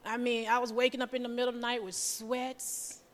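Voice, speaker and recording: A woman's voice: a little high, level tone, fairly quick. A woman giving a testimony sermon in church, telling her story in a nervous, chatty way and acting out the voices of the people in it. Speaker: church member preaching. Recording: reverberant church hall.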